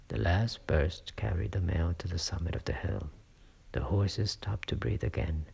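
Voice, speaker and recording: A man reading a classic novel aloud as a narrator, in a hushed storytelling manner. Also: low voice, vocal fry, husky. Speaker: audiobook reader. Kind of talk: scripted narration.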